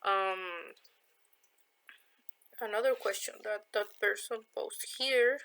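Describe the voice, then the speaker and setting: A woman's voice: mid-range voice, fairly bright tone, rough recording. A woman from Chile with a Chilean Spanish accent, chatting casually and hesitantly as she answers viewer questions in her vlog. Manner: unhurried, hesitant, many fillers. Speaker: vlogger.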